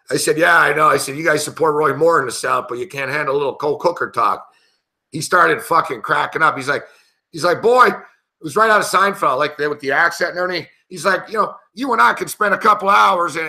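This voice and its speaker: A man's voice: on the high side, sharp tone. A middle-aged man hosting a sports betting show, telling stories in a brash, profane, casual way and laughing often. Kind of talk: casual storytelling chat.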